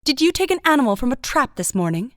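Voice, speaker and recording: A woman's voice: medium pitch, lively intonation, a little fast, dry recording, studio quality, close to an everyday voice. A woman voicing a proud, guarded woodland witch, curt and commanding, in an audiobook. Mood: stern. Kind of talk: audiobook narration.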